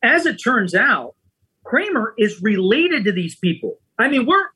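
Man host, husky and bright, chatty storyteller with a lively, swinging delivery. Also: extremely high pitch, measured pace. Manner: lively, chatty, often adds "right?" and "man". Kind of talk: casual storytelling chat.

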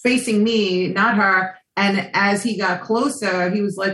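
A woman co-hosting a radio talk show, telling an anecdote in a chatty, relaxed way. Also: medium pitch, normal speed, roomy sound, rough recording. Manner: storytelling, chatty, laughs easily. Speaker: radio co-host. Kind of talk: casual radio chat.

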